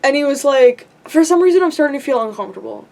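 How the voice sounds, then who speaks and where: A woman's voice: sits high, expressive, fast, darkish tone. Rambling young woman, storytime vlog. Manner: rambling, giggly, lots of likes and ums. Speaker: vlogger.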